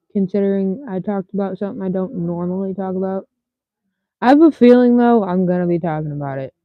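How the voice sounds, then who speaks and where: A woman livestreaming and chatting loosely with her viewers, blunt and swearing freely. Her voice comes through thin and phone-like, with no room echo around it. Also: mid-range voice. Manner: blunt and heavily profane. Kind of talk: casual livestream chat with viewers. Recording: tinny phone-like dry sound.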